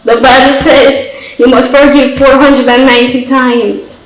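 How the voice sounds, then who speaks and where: A woman's voice: high voice, level tone, measured pace, echoey room, distant mic, rough recording. A woman playing a tearful pleading daughter. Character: young daughter tearfully begging her mother's forgiveness. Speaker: actor in a drama. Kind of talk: film drama acting.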